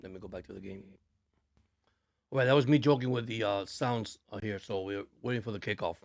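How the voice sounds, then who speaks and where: A man hosting a casual sports livestream from home, chatting in a relaxed, chatty way and switching between languages. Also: fairly low pitch, a little fast, no room sound. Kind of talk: casual live-stream game chat.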